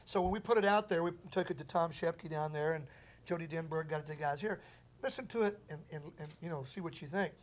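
A man in his forties, a musician telling stories in a loose, animated interview. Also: fairly high pitch. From Texas. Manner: rapid, animated storyteller with a loose drawl. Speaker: musician guest. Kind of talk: casual storytelling interview.

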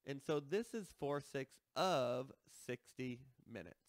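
A man's voice: medium pitch, expressive, takes it slowly, no room sound. A man teaching a math lesson, explaining step by step and checking in with listeners as he works through problems.

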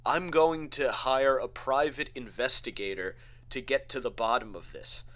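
A man's voice: mid-range voice, moderate pace, fairly bright tone, close to an everyday voice. A man voicing a deluded, lovesick American man who insists earnestly that his online love is real. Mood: insistent.

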